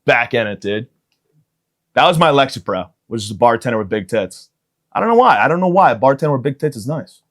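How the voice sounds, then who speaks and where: A man in his thirties hosting a comedy podcast, rambling through a profane solo monologue and jumping into loud excited bits. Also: medium pitch, fairly quick. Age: 30s. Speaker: podcast host.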